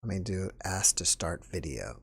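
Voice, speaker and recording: A man's voice: low-pitched, animated, moderate pace, gravelly, fairly bright tone, slightly rough, dry recording, clean studio sound. A man hosting a live stream and taking callers, chatting casually, correcting himself and thanking viewers as he goes. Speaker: livestream host taking callers.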